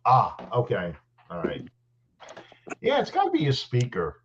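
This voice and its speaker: A man co-hosting a casual sports chat, telling stories in a rambling, animated way with many restarts. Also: medium pitch, unhurried, slight background noise. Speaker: podcast co-host. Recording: dull lo-fi audio.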